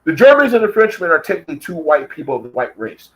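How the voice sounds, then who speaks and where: A man's voice: a little high, big pitch swings, quick pace, low-quality recording. An American man delivering an angry, profane vlog rant, taunting and calling out his target directly. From United States. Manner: profane and confrontational. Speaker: vlogger.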